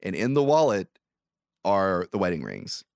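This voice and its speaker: A man's voice: low-pitched, huge pitch swings, creaky, no room sound, studio quality. A young man co-hosting a podcast, recapping a film in casual, exasperated, profanity-laced storytelling. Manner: profane, exasperated storytelling with quick quoted asides. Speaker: podcast co-host.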